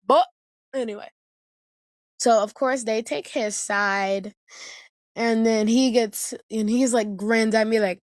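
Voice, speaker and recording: A woman's voice: fairly high pitch, steady tone, takes it slowly, long pauses, no room sound, clean studio sound. A woman vlogger casually telling family stories, chatty and slangy, often circling back to her point. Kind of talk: casual storytelling to camera.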